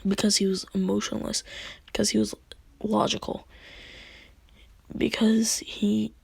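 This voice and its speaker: Woman rambling thru a fan story, slow and kinda husky, gravelly edges. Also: medium pitch, flat delivery, a little mellow, no echo. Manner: rambling storyteller, slips into whispers and quick voices. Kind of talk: casual fan story narration.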